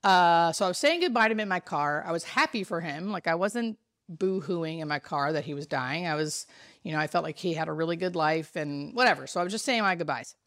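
Brief: woman, late 30s, hospice nurse, animated storyteller, lower voice, dry recording. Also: fairly quick, no room sound. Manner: animated storyteller, chatty with fillers. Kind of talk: casual chat.

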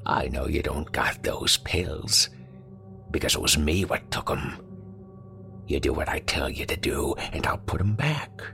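A hissing, papery-voiced old man , voiced by a male storyteller, who menaces with slow, sneering threats and sometimes drops to a whisper. The voice sits very low and gravelly, with faint music behind it. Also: animated, pushed and bright, exaggerated voice.

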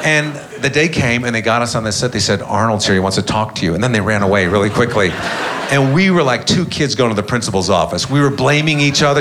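A man's voice: medium pitch, fast talker. Dry-witted man doing stand-up. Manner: dry, deadpan delivery with bursts of mock defiance. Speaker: stand-up comedian. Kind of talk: stand-up storytelling. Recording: live stand-up with loud crowd laughter. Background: loud audience laughter and noise.

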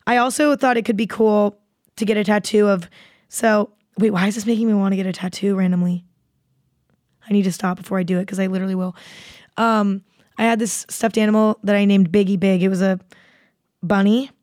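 A young adult woman hosts a casual podcast, wandering from thought to thought and swearing freely. Her voice sits at an ordinary pitch for a woman. It is recorded close and dry, with no room sound. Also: steady tone, fairly quick, a little mellow, dry recording. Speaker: podcast host. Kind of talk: casual chat.

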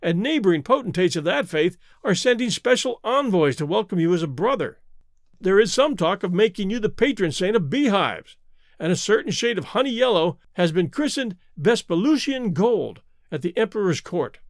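An obsequious court chamberlain, fawning and easily flustered, as a male narrator puts him on. His pleas climb high and wander in pitch. The recording is close and dry. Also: big pitch swings, moderate pace, no room sound. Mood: wailing. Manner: fawning, wailing.

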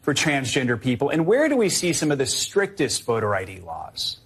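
A man anchoring a TV news segment with a brisk, polished delivery. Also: mid-range voice, sing-song, a bit bright, husky. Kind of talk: broadcast news reading.

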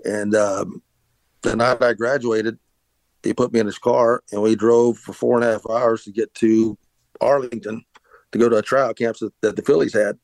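A man's voice: lowish voice, steady tone, normal speed, creaky, a little mellow, no echo. A middle-aged man hosting a podcast, telling a long story casually, with frequent restarts and filler words. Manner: rambling, many restarts and "uh"s. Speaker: podcast host, former pitcher.

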